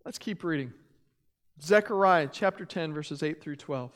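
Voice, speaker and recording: Pastor guy preaching, fairly high voice, earnest, rises and drops in loudness, long hall echo. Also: unhurried. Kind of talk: sermon with scripture reading.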